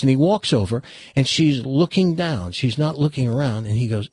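A man's voice: medium pitch, animated, normal speed, slightly rough, no echo. A man hosting a radio show, chatting casually and telling a long joke in a folksy way, acting out the quotes. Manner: folksy storyteller, acts out quotes. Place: radio studio.

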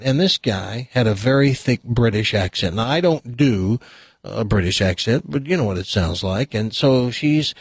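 A man's voice: mid-range voice, husky, no echo. A middle-aged American man, a radio show host, telling rambling stories in casual chat and putting on voices for the people he quotes. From United States.

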